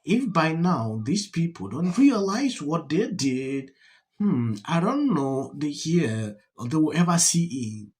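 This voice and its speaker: A man hosting a political commentary channel, speaking in a slow, deliberate, reflective way. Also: fairly high pitch, very animated, darkish tone.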